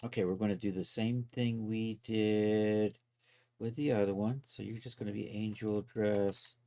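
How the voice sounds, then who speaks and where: Low-voiced man chatting through a livestream. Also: steady tone, measured pace. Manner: chatty, talks to viewers and to his software while working, chuckles often. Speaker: 3D artist livestreaming his work. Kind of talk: casual live-stream commentary.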